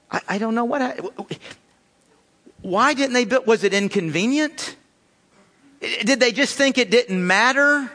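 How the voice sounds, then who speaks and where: A man preaching a sermon as pastor, animated and acting out voices. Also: very high-pitched, unhurried, pauses often. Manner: animated, acts out voices of biblical figures. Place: large church hall. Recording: church hall with long reverb.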